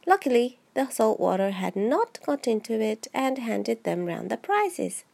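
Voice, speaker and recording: A woman's voice: fairly high pitch, sing-song, a little slow, gravelly, a little mellow. A woman with a head cold, reading a children's book aloud in English, with frequent slips and restarts. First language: Japanese. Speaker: amateur reader.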